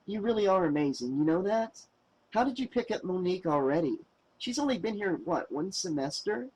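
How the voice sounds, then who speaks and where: A man's voice: high-pitched, lively intonation, a little fast, voice pushed up, low-quality recording. A man voicing an eager young teenage girl with a crush, asking breathless, hopeful questions. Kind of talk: audiobook character voice.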